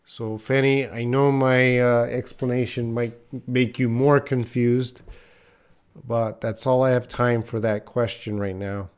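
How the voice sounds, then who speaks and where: A man's voice: mid-range voice, steady tone, a little slow, clear, resonant tone. A man teaching English on a live stream, reading out viewers' questions and thinking aloud with lots of fillers. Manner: thinking aloud with many uh fillers, reads viewer names and comments.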